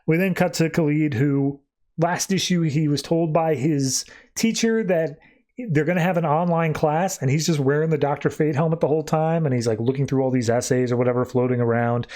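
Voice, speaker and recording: A man with a voice pitched a little above the usual male range retells a comic issue in a loose, chatty way. He slips into quick impressions of the characters, framing each one with "he's like.". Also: fairly even intonation, a little mellow. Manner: loose storytelling that acts out quotes with "he's like". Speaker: podcast host. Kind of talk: casual comic book recap.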